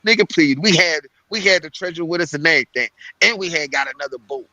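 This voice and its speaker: A man co-hosting a casual podcast, telling a gaming story in a lively rush of crude slang and repeated phrases. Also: a little high, quick pace, no room sound, highs cut off. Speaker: podcast co-host.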